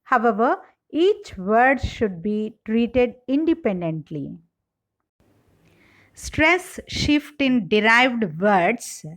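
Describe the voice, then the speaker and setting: A woman giving a slide-based English lecture, reading out example words one by one in a slow, deliberate way. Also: mid-range voice.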